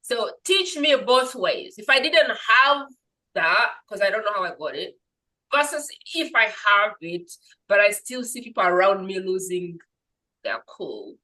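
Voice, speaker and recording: A woman hosting a podcast in casual conversation, animated and rambling, acting out little quoted scenes. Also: medium pitch, unhurried, low-quality recording. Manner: animated storyteller, acts out quoted voices; rambling, restarts. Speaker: podcast host.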